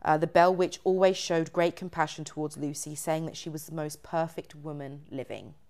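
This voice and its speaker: A woman's voice: low voice, steady tone, normal speed, darkish tone. A woman hosting a podcast, retelling a ghost story in a chatty way with many fillers. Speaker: podcast host. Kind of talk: casual storytelling chat.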